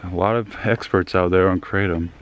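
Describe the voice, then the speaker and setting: A man's voice: sits low, steady tone, normal speed, lo-fi sound. A young man vlogging while walking in the woods, a little out of breath, rambling and trailing off in casual talk. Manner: rambling, self-deprecating, trailing off.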